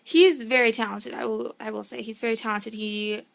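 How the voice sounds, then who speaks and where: Excitable young woman rambling eagerly. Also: a little high, fairly quick, vocal fry. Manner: excitable, rambling, self-interrupting; gushing fan enthusiasm. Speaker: vlogger. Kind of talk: casual storytelling vlog.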